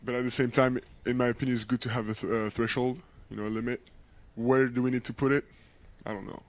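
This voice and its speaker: A man co-hosting a casual sports talk show, speaking in a measured, thoughtful and slightly hesitant way. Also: mid-range voice, flat delivery, no echo.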